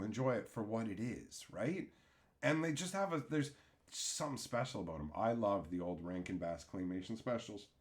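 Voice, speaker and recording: A man hosting a casual livestream, rambling and joking while he reads out viewer chat. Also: medium pitch. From Canada. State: tired after dental work. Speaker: livestream host. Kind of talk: casual live-stream chat.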